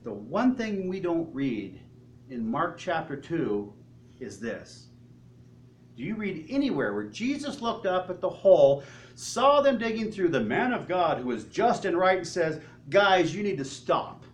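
A male pastor preaching a sermon, telling the story in an animated way and asking the congregation questions. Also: on the high side, a little slow. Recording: echoey hall, faint ambience.

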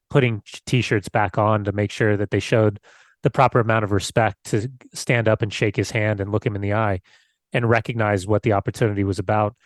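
A man's voice: on the low side, no echo. A man co-hosting a football podcast, talking in a loose, conversational way and searching for words. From United States. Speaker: podcast co-host. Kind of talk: casual football podcast chat.

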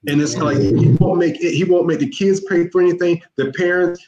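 A man's voice: sits high, steady tone, brisk, few pauses, a little mellow, dull audio. Emphatic middle-aged man, echoey room. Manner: emphatic, repetitive, keeps addressing the host by name. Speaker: youth mentor guest. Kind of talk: casual interview talk.

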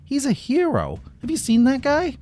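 A smug, dismissive town guard from a children's story who talks down to a little girl and stumbles over awkward words, voiced by a male narrator. The voice sits close to an ordinary adult man's, mellow and lively in pitch. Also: normal speed, heavily acted. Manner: hesitant and patronizing.

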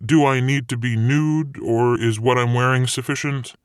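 A cocky, commanding male devil, as a man puts him on speaks breezily with a menacing edge in an audiobook. His voice is mid-pitched and recorded dry and close. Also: fairly even intonation, moderate pace, clear, resonant tone, no room sound, close to an everyday voice. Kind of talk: audiobook character voice.

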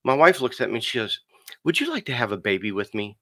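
A man on a podcast telling a personal story in a lively, conversational way, acting out the dialogue and calling the listener "dude.". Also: medium pitch, fast, dry recording. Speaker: podcast guest.

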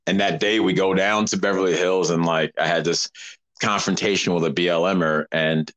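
In a casual interview, a male guest tells a story in an animated, rambling way, restarting often. His voice is low and his pace moderate.

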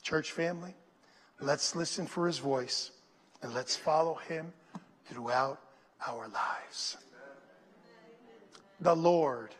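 A man preaching a sermon as pastor, calling out to the congregation and dropping into soft, whispered prayer. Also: fairly high pitch, slow, pauses often, husky. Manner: preaching with call-and-response, growing hushed and whispery toward prayer. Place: church. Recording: long hall reverb.

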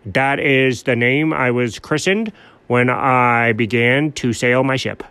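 A man's voice: bright, forceful tone, clean tone, no echo. A man voicing a dreamy, self-important dog who calls himself an admiral in a comedy sketch. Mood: pompous. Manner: low, slow, grandly self-important. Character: dreamy, pompous male dog posing as a sea admiral. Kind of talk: comedic two-character sketch.

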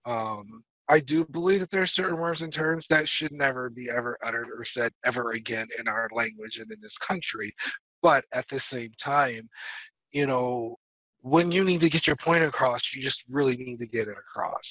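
A man's voice: medium pitch, moderate pace, no room sound. A blunt, emphatic man speaks as a guest. His voice comes through a tinny, phone-like line, and the sound is dry. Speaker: podcast guest. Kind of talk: casual conversation.

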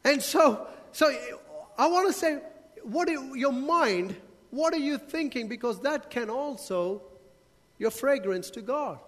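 A male pastor delivers a sermon in a church hall, putting questions to the congregation and joking with them as he goes. His voice is extremely high and fairly bright, with a lively, unhurried delivery. Long hall reverb trails behind his words.

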